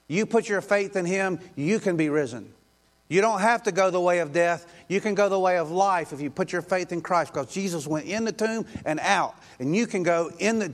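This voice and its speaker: A male pastor preaching a sermon in an emphatic, repetitive way, with rhetorical questions. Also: sits high.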